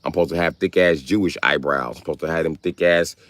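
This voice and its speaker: A man's voice: very deep voice, fairly even intonation, fast, a bit bright, no room sound. A man giving a profane, rambling, joking rant on a casual livestream, talking outdoors in public.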